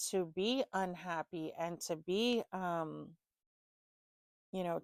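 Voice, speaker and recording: A woman's voice: on the low side, a little mellow, no room sound. A woman giving a loose, chatty tarot reading to the viewer, full of fillers and casual swearing. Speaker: tarot reader.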